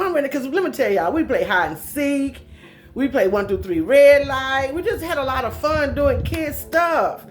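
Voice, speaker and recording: A woman with a high voice tells a personal story the way she'd tell it to friends. Her talk is folksy and colloquial, and she plays up the drama. Faint music sits underneath.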